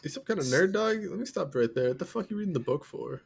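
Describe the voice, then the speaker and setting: A man's voice: fairly high pitch, animated, fast talker, gravelly, breathy edge. A young man co-hosting a podcast, teasing his friend in profane, laughing casual chat. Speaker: podcast co-host.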